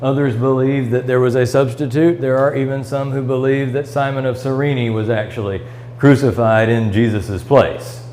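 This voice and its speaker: A man with a Midwestern American accent, leading a Bible study and reading scripture aloud between his own comments, with the odd "um" and restart. His voice sits at an ordinary middle pitch. A faint hum runs under the recording. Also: flat delivery, moderate pace, a little mellow, low-quality recording. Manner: reads scripture aloud and explains it, with fillers and restarts. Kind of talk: church Bible study lesson. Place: church classroom.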